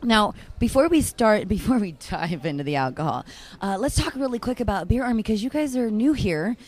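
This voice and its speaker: A woman's voice: medium pitch, animated, brisk, a little mellow. A woman radio host doing a playful, joking on-location interview at a beer tasting.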